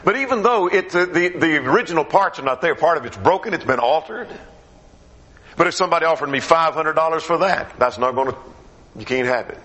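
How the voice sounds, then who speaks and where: A man preaching a gospel meeting sermon in a conversational way, his questions rising and his phrases dropping low at the end. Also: animated, brisk, pushed and bright.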